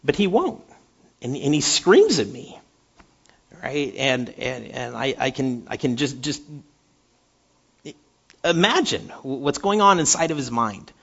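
A man preaching a sermon, halting and repeating words, moving from animated stretches to hushed earnest ones. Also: mid-range voice, gravelly, slightly rough, dull audio.

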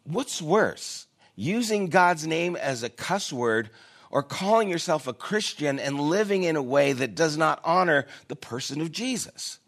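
A man's voice: on the high side, lively intonation, a little slow, fairly bright tone. A man preaching a sermon as a pastor, telling a personal story in a casual, conversational and self-deprecating way. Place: church.

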